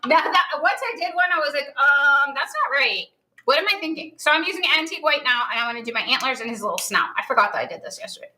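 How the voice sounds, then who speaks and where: A woman's voice: high-pitched, expressive, quick pace, pushed and bright, a little hiss or hum. A woman with a Southern American twang, chatting and teasing casually while she paints as co-host of a craft show. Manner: chatty, teasing, laughs often.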